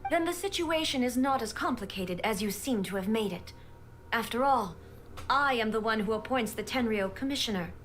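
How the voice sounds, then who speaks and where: An actress playing a stern, commanding female ruler in a game, speaking in a cold, formal and measured way. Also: fairly high pitch, expressive, a bit bright, slight background noise. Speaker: game character.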